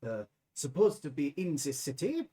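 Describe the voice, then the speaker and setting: A man's voice: a little high, big pitch swings, normal speed, warm tone, breathy edge. A man voicing a formal, scheming male German banker with a put-on German accent that keeps drifting. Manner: formal, hesitant, discreet.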